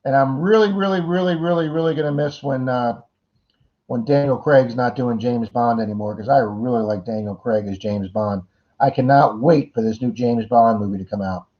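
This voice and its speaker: A man's voice: medium pitch, steady tone, normal speed. A middle-aged man hosting a casual livestream chat, greeting viewers by name and rambling through jokey asides. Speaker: livestream host. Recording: dull lo-fi stream audio.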